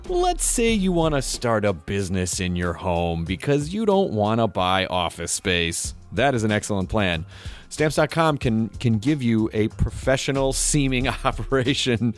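A man hosting a podcast, reading ads and joking around in a playful manner. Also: lowish voice. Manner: playful, jokey, slips into a radio DJ voice. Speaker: podcast host. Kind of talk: casual podcast chat and ad reads.

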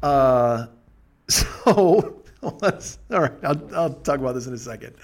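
A man's voice: mid-range voice, lively intonation, slow pace. A man hosting a podcast, telling a rambling, profane comic story and laughing as he goes. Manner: profane, digressive, laughs through his stories. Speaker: podcast host.

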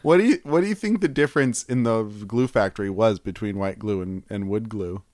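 A man's voice: fairly low pitch, brisk, darkish tone, no room sound, studio quality. A man co-hosting a comedy podcast, joking and giggling through casual chat. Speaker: podcast co-host.

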